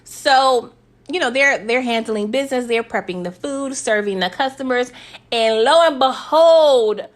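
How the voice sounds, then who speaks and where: A TV recap host casually goes over an episode in a chatty, slangy way, often tacking on "okay?" and laughing between points. Her voice is a little high and measured in pace.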